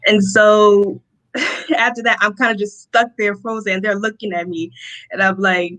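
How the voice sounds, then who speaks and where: A young woman from Rochester, New York, giving a personal testimony as an interview guest, telling her story in an animated way and acting out the lines of the people in it. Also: medium pitch, normal speed, rough recording. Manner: animated storytelling, acts out quotes, laughs often.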